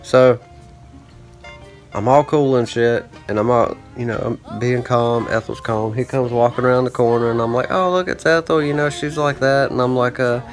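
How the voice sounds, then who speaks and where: A man's voice: mid-range voice, steady tone, moderate pace, soft background music. Rambling, profane man telling a story. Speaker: vlogger. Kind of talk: rambling casual monologue.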